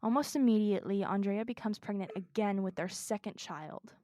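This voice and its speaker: A woman's voice: mid-range voice, a little fast, mellow, dry recording, clean studio sound. A woman co-hosting a podcast, earnestly telling a true crime story in casual chat from her notes.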